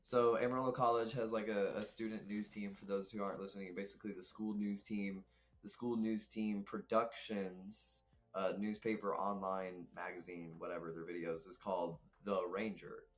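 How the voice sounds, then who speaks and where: A man's voice: fairly low pitch, little pitch movement, moderate pace. A young man, a guest telling rambling, reflective stories in casual chat. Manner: rambling, reflective, laughs often.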